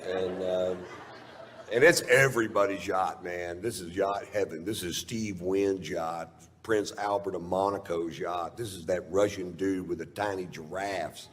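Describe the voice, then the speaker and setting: A man's voice: low voice, steady tone, unhurried, big-room sound. A male stand-up comedian telling a long story, rambling and profane, often chuckling at his own lines.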